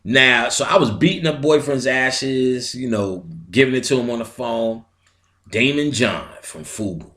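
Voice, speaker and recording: Middle-aged New man, mid pitch, casual storytelling lecturer, recorded in an echoey room. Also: a little slow, sharp tone. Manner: streetwise, profane, imitates sounds and other voices. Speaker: metaphysical lecturer. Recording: roomy echo.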